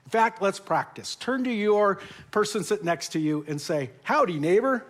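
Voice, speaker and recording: A man's voice: high-pitched, lively intonation, moderate pace. A middle-aged man preaching a sermon in a church, telling stories with jokes and sometimes getting emotional. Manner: storytelling, jokey, turns emotional. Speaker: pastor. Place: church auditorium.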